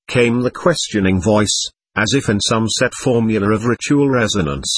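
A man narrating a novel in a measured, even reading voice. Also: medium pitch, slightly rough, no echo. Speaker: audiobook narrator. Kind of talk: scripted narration.

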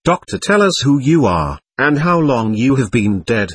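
A man reading the part of a patient doctor who questions and lectures a spirit in a séance record, with a husky voice. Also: mid-range voice, very animated, moderate pace, no room sound. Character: calm, firm male doctor questioning a spirit. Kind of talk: reading a séance transcript aloud.

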